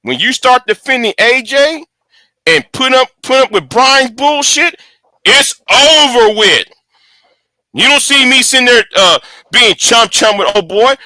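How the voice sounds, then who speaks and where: Male host, high lively pitch, close dry sound, angry profane rant with many restarts. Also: measured pace, dry recording. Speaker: channel host. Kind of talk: casual livestream rant.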